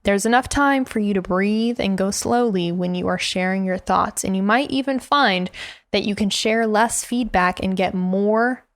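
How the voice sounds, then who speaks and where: A woman's voice: mid-range voice, moderate pace, no echo. Emphatic woman coach, dry close sound. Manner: direct and emphatic, laughs often, demonstrates tone by example. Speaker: business coach and podcast host. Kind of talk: instructional podcast talk.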